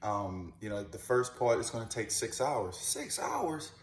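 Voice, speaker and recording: Here the same kind of casual, to-camera personal story comes from a man in his thirties from New Orleans, whose voice is on the low side and whose speed is normal. He leans on "you know" and "man" and repeats words, and the space sounds roomy and echoey.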